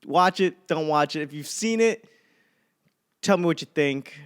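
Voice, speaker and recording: Brief: Boston man in his thirties, comedy podcast host, smooth and clear, rambling and swearing freely. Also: a little high, sing-song, unhurried. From Boston area. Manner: rambling and profane, with self-mocking asides. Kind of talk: casual comedic monologue.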